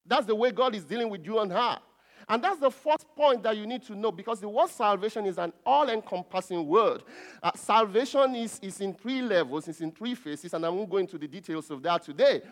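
A male pastor with a notably high voice delivers a teaching sermon. He explains step by step, repeating key words for emphasis and chuckling now and then. His voice carries a long reverb from a church hall.

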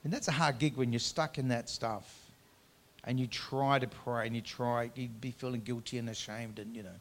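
A man preaching a sermon as pastor, earnest, swinging from loud emphatic lines to quiet conversational asides, drawing out key words. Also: mid-range voice, steady tone, normal speed, a little hiss or hum.

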